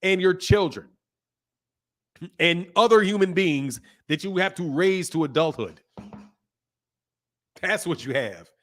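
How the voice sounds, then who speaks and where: A high-voiced man speaking hosts a casual livestream. He reads viewer comments aloud and answers them bluntly, with profanity, laughter and animated asides. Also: takes it slowly, pauses often. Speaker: boxing channel host.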